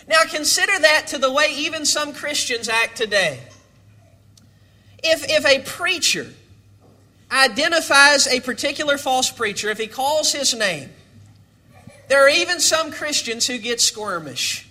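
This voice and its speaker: A man preaching a sermon, building to dramatic shouts and then dropping low. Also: animated, measured pace.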